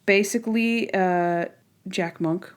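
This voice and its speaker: A woman co-hosting a podcast, chatting casually and retelling scenes in an animated way. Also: mid-range voice, slow pace, clean tone. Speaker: podcast co-host. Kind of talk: casual chat.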